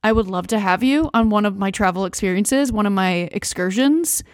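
An American woman hosting a podcast, talking through a personal story in a halting, emotional way with many pauses and restarts. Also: mid-range voice, dry recording, studio quality. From United States. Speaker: podcast host. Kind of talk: personal monologue.

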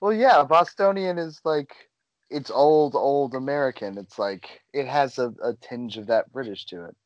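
A man's voice: medium pitch, moderate pace, no room sound, highs cut off. A man co-hosting a podcast in casual chat, teasing his partner and laughing often. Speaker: podcast co-host.

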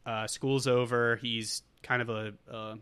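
A man's voice: mid-range voice, level tone, a little slow, a bit bright, clear, resonant tone. A man co-hosting a podcast, recapping a movie in a rambling, casual way with lots of fillers. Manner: rambling, full of fillers and quoted lines. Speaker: podcast co-host.

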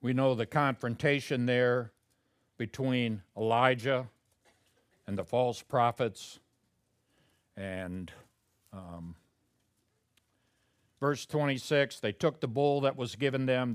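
Male pastor, conversational sermon, emphatic peaks, dry close sound, mid pitch. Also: no room sound. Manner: conversational preaching, rising to loud emphatic peaks.

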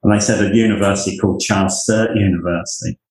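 A man from the United Kingdom, a university leader, telling lively anecdotes in conversation. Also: low voice, fast, echoey room, poor audio. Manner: animated anecdotes, acts out quoted voices. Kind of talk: storytelling in conversation.

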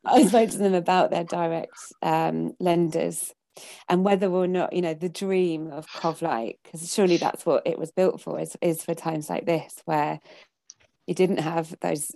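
Gravelly-voiced woman interviewer, halting. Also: lowish voice, fairly even intonation, warm tone, no echo. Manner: hesitant, halting questions with restarts. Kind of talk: conversational interview.

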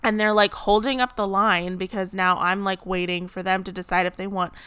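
A woman's voice: medium pitch, flat delivery, brisk, pushed and bright, clear, resonant tone, no room sound. A young woman telling a story in a chatty, dramatic, laughing way. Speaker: vlogger. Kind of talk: casual storytelling.

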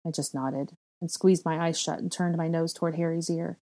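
A woman with a low, mellow voice reads fan fiction aloud as an audiobook. Her narration stays steady and measured from line to line. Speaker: fanfiction reader.

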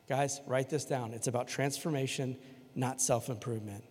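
A man preaching a sermon to his church in a casual, conversational way, switching between loud emphasis and quiet, earnest stretches. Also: mid-range voice, steady tone, normal speed, husky. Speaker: pastor. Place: church sanctuary. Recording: long hall reverb in a church.

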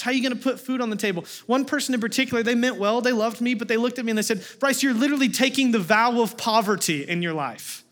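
A young man preaching a sermon as a guest speaker, telling a personal story in a casual, animated way. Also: high-pitched. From United States. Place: church sanctuary.

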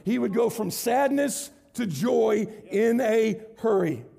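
A middle-aged man preaching a sermon, building to loud, emphatic, high-pitched stretches. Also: expressive, slow, creaky, long reverb tail. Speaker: pastor.

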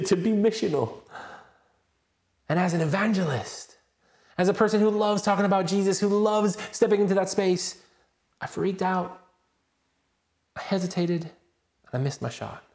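A man, a pastor preaching a sermon and telling a personal story in an animated, self-deprecating way. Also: high voice, normal speed, long pauses, roomy sound.

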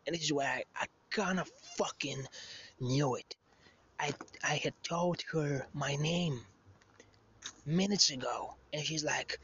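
A man's voice: medium pitch, normal speed, a bit bright, highs cut off, a little hiss or hum. A man casually telling a story as a vlogger, rambling with many restarts and asides.

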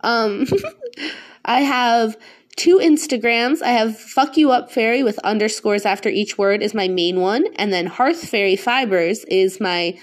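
A woman's voice: a little high, unhurried. A woman hosting a casual solo podcast, rambling in a chatty, self-conscious and affectionate way. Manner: rambling, chatty, with frequent fillers. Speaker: podcast host.

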